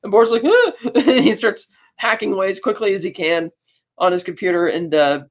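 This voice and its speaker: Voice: medium pitch, fairly even intonation, fairly quick. A podcast co-host casually recapping a film, retelling scenes with loose asides and acted bits of dialogue. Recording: dull lo-fi audio.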